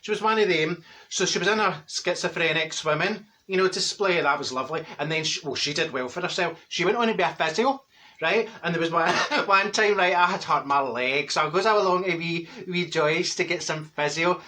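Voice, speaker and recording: A straight-talking older Glaswegian woman, played by a man, her voice pitched high and bright with a sharp edge. She rambles through gossip in a Glaswegian Scottish accent, blunt and mischievous, tripping over her words. A comic storytelling monologue. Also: a little fast. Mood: gossipy. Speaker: comic character.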